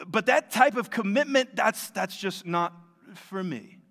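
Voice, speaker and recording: A man's voice: sits high, lively intonation, a little slow, creaky, sharp tone, voice pushed up, heavily acted. A male pastor voicing a noncommittal casual churchgoer who makes breezy excuses. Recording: long reverb of a large hall.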